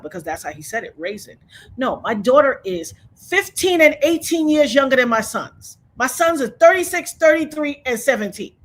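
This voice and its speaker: A woman's voice: a little high, slightly rough. A woman in her fifties, telling her story with fervent, preacher-like conviction as an interview guest. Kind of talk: emotional testimony in conversation.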